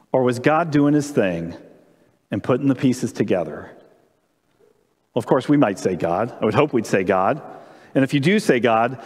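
A man preaching during a church service, telling a story in an animated way and asking the congregation questions. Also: medium pitch, big-room sound. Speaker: pastor. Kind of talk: sermon with storytelling. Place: church sanctuary during live-streamed service.

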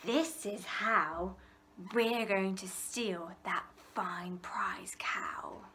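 Sneaky whispery crook guys plotting low, woman doing the voices, slow and hushed. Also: lively intonation, a little hiss or hum. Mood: scheming. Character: two sly male thieves plotting in whispers.

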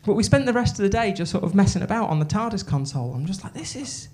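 A woman doing stand-up, telling a story in an excitable, sweary, rambling way full of restarts, on a comedy club stage with a handheld mic. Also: medium pitch, very fast.

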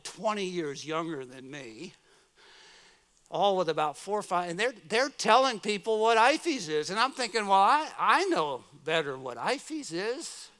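Bright-voiced man preaching a story sermon. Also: high-pitched, clear, resonant tone. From United States. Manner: storytelling, swings from soft murmurs to loud exclaims. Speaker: guest preacher. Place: church.

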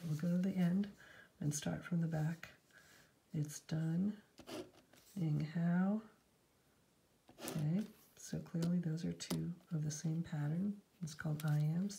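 A middle-aged woman teaching poetic meter in a relaxed, casual lesson, talking through her markings and now and then dropping to a whisper. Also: low-pitched, vocal fry, a little hiss or hum, rough recording. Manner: relaxed, talks aloud while marking a poem, sometimes drops to a whisper. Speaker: poetry teacher.

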